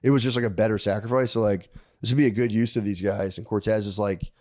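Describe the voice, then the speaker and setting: A man's voice: on the low side, fairly even intonation, a little fast, darkish tone. A man on a podcast telling a history story in casual, profane slang, acting out the characters' lines.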